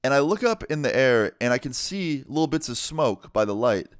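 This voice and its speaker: A man's voice: medium pitch, sing-song, normal speed, dry recording, studio quality. A young man casually telling a story, swearing freely and filling with "like". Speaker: storyteller vlogger.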